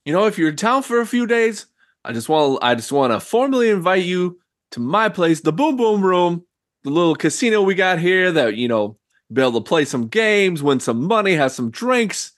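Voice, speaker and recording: A man voicing a smooth-talking male casino owner who glad-hands a newcomer with a slick, overly friendly manner. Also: sits high, sing-song, moderate pace, pitched above the performer's own voice. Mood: schmoozing.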